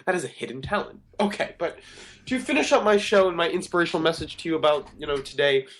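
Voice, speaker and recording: A man's voice: on the high side, expressive, quick pace. A man hosting a talk show, giving an earnest, rambling monologue that often corrects itself mid-sentence. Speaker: radio show host.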